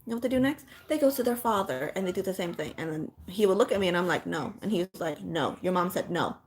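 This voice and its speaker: A woman's voice: mid-range voice, expressive, fast talker, darkish tone. A woman speaking as a mother, giving blunt parenting advice in casual chat with viewers and swearing freely.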